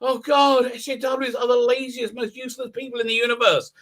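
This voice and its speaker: A man hosting a live stream, talking in a sarcastic, profane way and often breaking into shouts. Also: extremely high pitch, little pitch movement, quick pace. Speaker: show host. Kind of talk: mocking live stream commentary.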